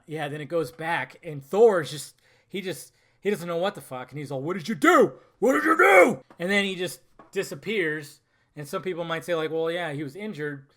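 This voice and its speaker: A young man giving a casual film review monologue, swearing freely and acting out scenes in quoted lines. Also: fairly high pitch.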